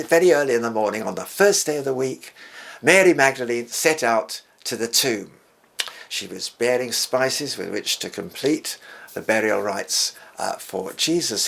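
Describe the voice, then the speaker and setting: A man's voice: mid-range voice, gravelly, fairly bright tone. An older man presenting, retelling a scripture story in an earnest storytelling manner, sometimes dropping to a whisper.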